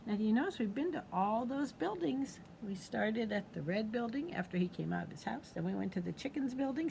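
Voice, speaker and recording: A children's librarian reading picture books aloud at storytime, animated and asking the children questions. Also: female voice, fairly high pitch, fairly quick, gravelly, hardly any pauses, slight background noise.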